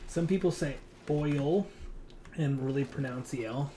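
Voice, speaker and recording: A man's voice: medium pitch, brisk, dark tone, slight background noise. A young man chatting casually while streaming a hunting game, rambling and swearing often as he talks to other players and his kid. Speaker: gaming streamer.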